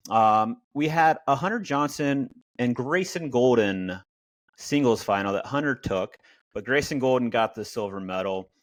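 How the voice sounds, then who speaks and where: A man hosting a casual podcast, steering the talk and giving quick recaps. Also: mid-range voice, lively intonation, no echo. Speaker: podcast host.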